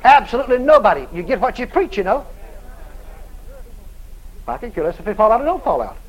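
A man's voice: high voice, big pitch swings, brisk, muffled recording. A male preacher telling a story in a sermon, acting out both sides of the conversation and often laughing as he tells it.

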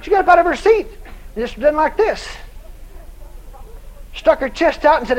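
Man, sermon storytelling, very high voice, swinging intonation, dramatic shouts. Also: moderate pace, long pauses, low-quality recording. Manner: animated, dramatic, bursts into shouting. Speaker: preacher.

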